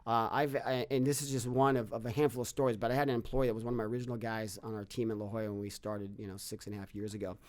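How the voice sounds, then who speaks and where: A man's voice: mid-range voice, steady tone, very fast, few pauses, a little mellow. A middle-aged man, a guest on a podcast, talking earnestly and telling stories, often repeating and restarting his words. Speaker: podcast guest, fitness business owner. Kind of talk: casual interview storytelling.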